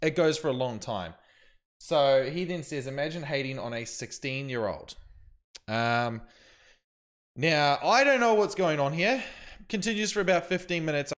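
A man's voice: fairly high pitch, animated, a little slow, a bit bright. A young man, a streamer recapping an incident to camera in a rambling way full of fillers. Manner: rambling, filler-heavy storytelling.

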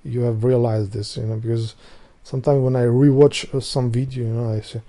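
A mellow-voiced Albanian man, whose first language is Albanian, rambles through a casual vlogger monologue. He swears, loses his thread, and restarts sentences, speaking fairly quickly in a mid-range voice with little pitch movement.

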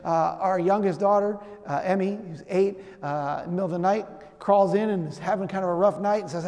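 In a church sanctuary with long, echoing hall reverb, a middle-aged pastor preaches in a high, animated, slightly mellow voice at a fairly quick pace, weaving conversational stories and acted asides.

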